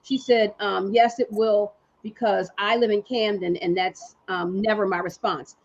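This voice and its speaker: A woman's voice: mid-range voice, steady tone, measured pace, highs cut off. A woman hosting a live online discussion, reading out comments from viewers with frequent fillers. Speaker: host.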